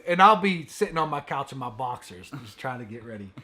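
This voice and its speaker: A man's voice: medium pitch, sing-song, brisk, bright, forceful tone. A young man hosting a casual chat, teasing his co-host and laughing often. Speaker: podcast host.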